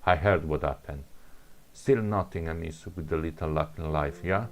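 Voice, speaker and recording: Wry soldier archer, read by a deep-voiced man. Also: normal speed. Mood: jesting. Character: wry grown male archer soldier, jesting.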